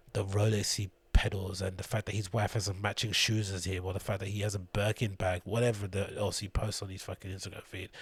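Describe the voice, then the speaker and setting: Male host, low and slightly husky, rambling scornful solo rant with plenty of swearing. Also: dry recording. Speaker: show host.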